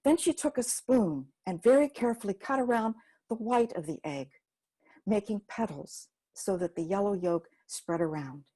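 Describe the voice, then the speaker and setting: A woman telling a folk story in an unhurried, homespun way. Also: mid-range voice, mellow, husky.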